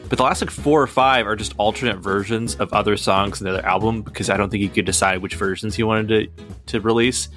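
Bright rambling low-voiced male podcaster. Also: soft background music. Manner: rambling, animated storyteller with quick asides and restarts. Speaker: podcast co-host. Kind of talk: casual podcast chat about movies.

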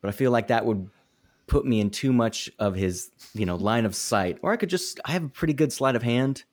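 A man playing a tabletop game, thinking out loud and hesitant as he plans. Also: medium pitch, lively intonation, brisk. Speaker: player.

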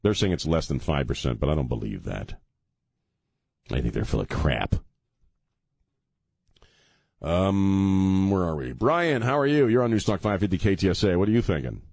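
A man's voice: low voice, big pitch swings, normal speed, vocal fry, long pauses, darkish tone, no echo, studio quality. A man in his fifties hosting a talk radio show, joking sarcastically and rambling, sounding tired. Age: 50s. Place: radio studio.

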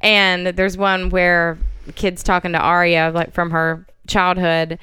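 A woman's voice: on the low side, flat delivery, unhurried, pushed and bright, smooth, dry recording, clean studio sound. A woman co-hosting a casual chat, telling travel stories in a chatty way and laughing at herself. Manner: chatty storyteller, laughs at her own stories. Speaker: podcast co-host.

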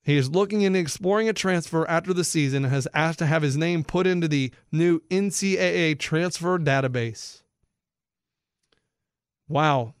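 Excitable high-voiced male sports host. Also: normal speed, clean tone, dry recording, clean studio sound. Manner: excitable, incredulous, explains for non-bettors. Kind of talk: animated sports talk monologue.

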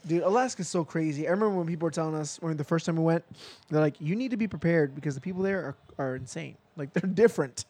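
A man with a voice a little higher than most, chatting casually and spinning a long anecdote. He rambles along, leaning on "like" and slipping into the voices of the people in his story. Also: fast talker, a little mellow, husky. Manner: rambling, many "like" fillers, acts out quotes.

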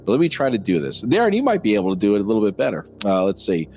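An American man co-hosting a loose film chat in a low voice with lively, swinging intonation. He restarts his sentences often and talks animatedly. Faint synth music plays behind him. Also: very fast, hardly any pauses. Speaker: co-host. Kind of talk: casual film discussion.

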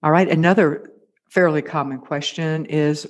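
A man hosting a casual advice conversation, posing questions in a measured, thoughtful way. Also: fairly high pitch. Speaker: host. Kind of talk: casual interview talk.

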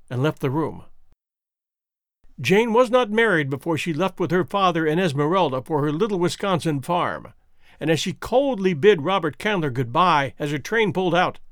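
A male audiobook narrator with a fairly high voice that rises and falls a lot. He reads the narration in an expressive, even way. The recording is close and completely dry. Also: no room sound. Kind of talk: audiobook reading.

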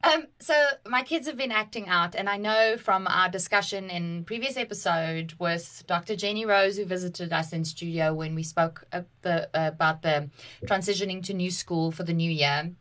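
A woman with a South African accent, co-hosting a podcast and telling a personal story in an animated, dramatic way. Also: on the low side, normal speed. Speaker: podcast co-host. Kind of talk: casual chat, personal storytelling.

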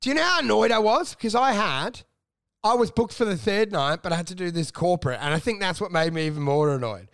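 A man, a comedian, tells stories in a high voice, swearing often and slipping into mimicry of others. The sound is dry and close to the mic, with no room around it. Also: animated, fast talker, a bit bright, dry recording. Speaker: comedian and podcast co-host. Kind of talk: casual storytelling chat.

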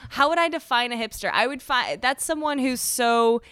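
A woman's voice: high-pitched, lively intonation, moderate pace, sharp tone, smooth, dry recording, studio quality. A young woman with a Southern Californian accent, a guest on a podcast, talking candidly and laughing easily. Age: young adult. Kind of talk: casual podcast chat.

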